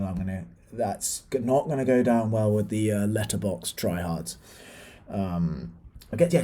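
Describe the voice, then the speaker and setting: A man's voice: medium pitch, dark tone. Ranting British man reviewing films. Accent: British English. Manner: exasperated, ranting, frequent fillers and restarts. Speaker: film reviewer. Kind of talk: casual opinionated film review.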